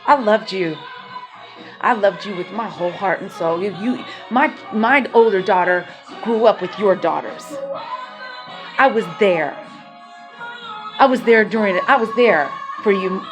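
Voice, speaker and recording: This woman speaks unhurriedly at a medium pitch, leaving long pauses. Music plays behind her as she delivers an emotional vlog rant, heated and combative, cursing while her intensity ebbs and flows.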